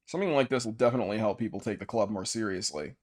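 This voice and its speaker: A man's voice: on the low side, rapid-fire, darkish tone. A man streaming a visual novel, reading its narration aloud and cracking crude jokes with a friend. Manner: profane, jokey, reads narration aloud. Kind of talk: casual let's play, reading game text aloud.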